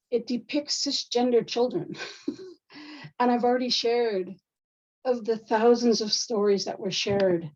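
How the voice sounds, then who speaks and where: A woman's voice: medium pitch, darkish tone, lo-fi sound, slight background noise. A woman moderating a live online panel, speaking firmly and directly. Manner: firm, direct, assertive.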